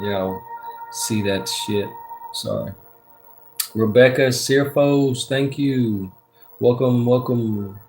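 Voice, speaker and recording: Man, tarot reader, casual livestream chat, swears a lot, phone camera mic, faint music behind. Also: mid-range voice. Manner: laid-back, swears freely, reads out viewer comments. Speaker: tarot reader hosting a live stream. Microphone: phone front camera.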